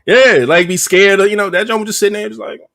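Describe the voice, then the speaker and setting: A man's voice: sits high, fairly even intonation, quick pace, vocal fry, pushed and bright. A man co-hosting a podcast, telling a story in casual, profane slang with lots of energy. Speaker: podcast co-host. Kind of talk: casual chat.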